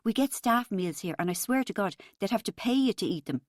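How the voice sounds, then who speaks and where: A woman's voice: medium pitch, animated, a little fast, dry recording, studio quality, close to an everyday voice. A woman reading an audiobook, voicing a brash, sarcastic young waitress with a blunt, bossy manner. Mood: sardonic. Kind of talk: audiobook character voice.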